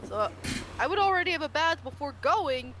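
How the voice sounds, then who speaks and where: A woman hosting a casual stream chat, animated and giggly, quick to joke. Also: sits high. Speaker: stream host. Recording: noisy background.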